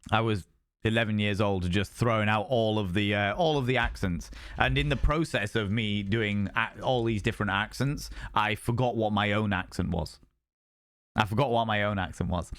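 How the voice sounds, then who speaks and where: A man's voice: on the low side, moderate pace, fairly bright tone, no echo, clean studio sound. A man chatting casually with viewers on a game stream, rambling and repeating himself.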